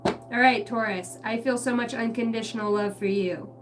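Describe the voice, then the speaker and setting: A woman's voice: fairly high pitch, fairly even intonation, normal speed, over music. A woman giving a casual tarot reading on a livestream. She talks bluntly and chattily and swears freely. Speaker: tarot card reader.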